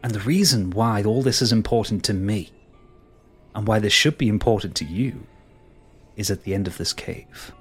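A man's voice: on the low side, normal speed, breathy edge, faint music behind. A man playing a smug scheming sorcerer. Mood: coaxing. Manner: smug, theatrical, dismissive laughs. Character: scheming grandiose male sorcerer.

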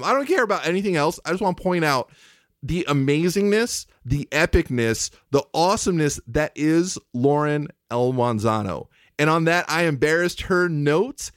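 A man's voice: a little high, dry recording, studio quality. A man co-hosting a podcast in casual chat, heartfelt and emotional, rambling and restarting his sentences. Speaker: podcast co-host.

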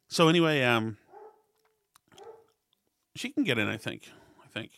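A middle-aged man hosting a casual monologue, telling stories and getting worked up and loud when he retells arguments. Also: mid-range voice, big pitch swings, measured pace, gravelly, long pauses, no echo. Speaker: podcast host.

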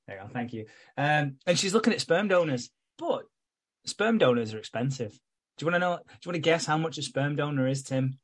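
A man's voice: fairly high pitch, expressive, fairly quick. Sweary man recapping a soap. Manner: sweary, acts out characters' lines. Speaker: podcast co-host. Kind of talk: casual chat recapping a soap.

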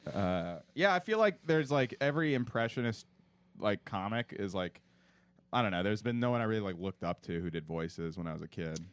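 A man's voice: lowish voice, expressive, a little fast, clean tone. A man hosting a comedy podcast, rambling casually with lots of filler and restarts.

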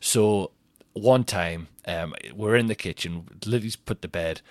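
A man's voice: on the low side, measured pace, a little mellow, dry recording. A man in his thirties hosting a podcast, telling rambling, self-mocking stories with lots of restarts. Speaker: podcast host. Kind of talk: casual comic monologue.

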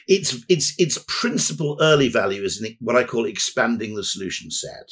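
A man's voice: mid-range voice, normal speed, few pauses, slightly rough. A man as a podcast guest, talking in a rambling, anecdotal way with dry asides. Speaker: guest, advertising executive. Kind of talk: conversational podcast interview.

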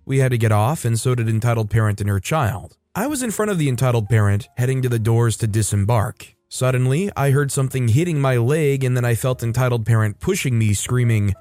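A man's voice: mid-range voice, expressive, brisk, few pauses, a little mellow, no room sound. Man narrating stories over faint music. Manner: conversational, wry asides between readings. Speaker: host and narrator. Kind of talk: reading online stories aloud.

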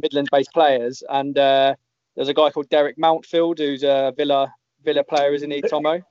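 A man hosting a casual chat, reading names off a list with pauses. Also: fairly high pitch, level tone, darkish tone, clean tone, no room sound, dull audio. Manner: reads names from a list, hesitant. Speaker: podcast host.

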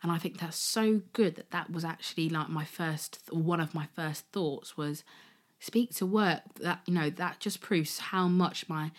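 A young woman hosting a podcast, chatting casually and at times softly and emotionally about her own experience, with many fillers. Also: lowish voice. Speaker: podcast host. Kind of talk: casual personal storytelling.

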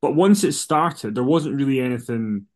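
A man's voice: mid-range voice, expressive, moderate pace, a little mellow. A man co-hosting a wrestling podcast in casual chat, rambling, with frequent restarts. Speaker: podcast co-host.

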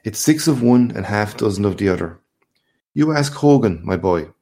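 Brief: male reader as a worldly, back-slapping journalist, deep gravelly voice, expansive storybook swagger. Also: lively intonation, moderate pace, dark tone. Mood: boastful. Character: boastful worldly Irish journalist, man, middle-aged.

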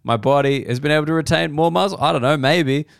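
Australian man with a smooth, dry comic voice. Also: fairly high pitch, quick pace, no room sound. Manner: loose, profane storytelling with mock-excited outbursts. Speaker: comedian host. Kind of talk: solo comedy podcast monologue.

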